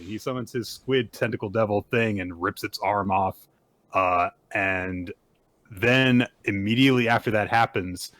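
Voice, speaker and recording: A man's voice: fairly low pitch, a bit bright, dry recording. Man, podcast host, casual recap chat, dry close sound, acts out quotes. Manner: retells chapters at length, acting out quotes.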